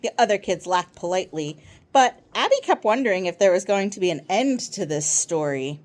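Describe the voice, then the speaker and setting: Woman, reading children's novel aloud, expressive, lively pitch, mid-range voice. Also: a little fast. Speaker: reader.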